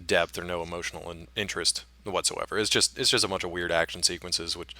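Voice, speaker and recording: A man with a low voice co-hosting a casual podcast chat. He is wry and easygoing, and his tone turns quietly self-mocking. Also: fairly even intonation, fast talker. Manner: wry, easygoing, laughs at himself. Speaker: podcast co-host.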